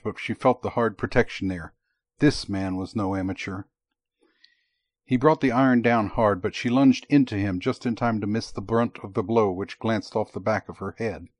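A man narrating an audiobook in a steady, even tone. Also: fairly low pitch, no room sound.

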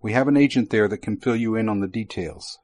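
A man voicing a gruff, businesslike male spy chief handing out assignments in an audiobook. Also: fairly low pitch, fast talker, a little mellow, natural voice. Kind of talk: audiobook character voice.

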